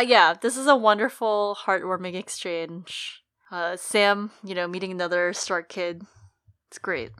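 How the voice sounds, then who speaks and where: A woman's voice: medium pitch, fairly bright tone, no room sound. Woman recapping a book, dry sound. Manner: conversational recapping, with quick impressions of characters. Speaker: podcast co-host. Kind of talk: casual book discussion podcast.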